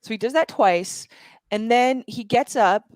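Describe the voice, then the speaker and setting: A woman guest on an interview show, retelling a story with vivid asides and quick restarts. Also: on the high side, dry recording. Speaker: guest entrepreneur. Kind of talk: animated storytelling in conversation.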